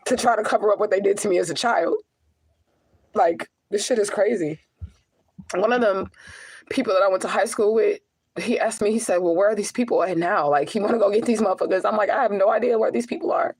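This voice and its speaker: A woman's voice: medium pitch, a little mellow, breathy edge, low-quality recording. Young woman, emotional personal vlog, raw and profane, repeats herself, holding back tears. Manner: raw, repetitive, profane, pleading to viewers. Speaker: vlogger speaking to her followers.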